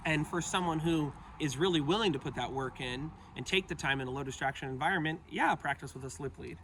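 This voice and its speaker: A man explains dog training to the camera outdoors in an upbeat, encouraging way. His voice is bright and a little high. Faint outdoor noise sits under the recording. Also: fast talker, hardly any pauses. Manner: upbeat, praises the dog often.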